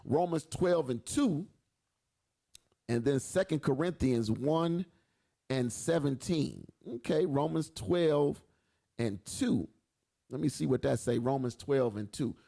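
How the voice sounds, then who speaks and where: A man's voice: medium pitch, takes it slowly, creaky, dark tone. A man hosting a faith radio show, chatting casually and reading Bible verses aloud with exclamations of praise. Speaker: radio show host and preacher.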